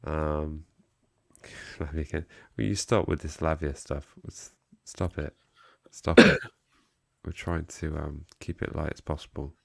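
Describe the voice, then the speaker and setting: Rumbling low and gravelly, with a darkish tone, an English football fan show co-host speaks slowly and flatly. He jokes casually, reads chat comments aloud, chuckles, and trails off. The studio-quality recording has no echo.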